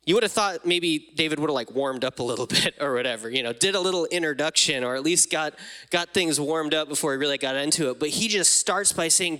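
A man's voice: fairly high pitch, quick pace, pushed and bright. A young adult man preaching a casual sermon, talking conversationally and reading scripture aloud with rising dramatic emphasis. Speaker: pastor.

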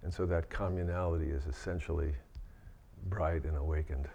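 A man giving a Buddhist dharma talk, gentle and reflective, often restarting his sentences. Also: very deep voice, fairly even intonation, normal speed, vocal fry, slight background noise. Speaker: Buddhist teacher.

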